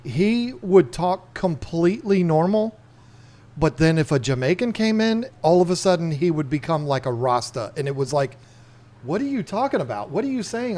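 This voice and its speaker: A man from Northern Virginia hosting a podcast, chatting casually and laughing often. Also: a little high. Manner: animated storyteller, laughs often, slips into voices. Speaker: podcast host. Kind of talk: casual livestream chat.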